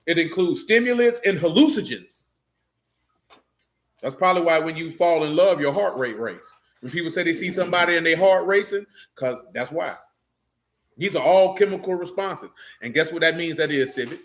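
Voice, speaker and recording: A middle-aged man preaching in loose talk, joking and mocking with loud bursts. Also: a little high, moderate pace. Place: church meeting room.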